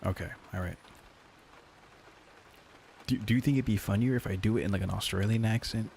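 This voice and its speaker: A man's voice: lowish voice, a little fast, creaky, a little mellow, slight background noise. A man streaming in casual chat, crude and joking, often stammering and restarting his sentences.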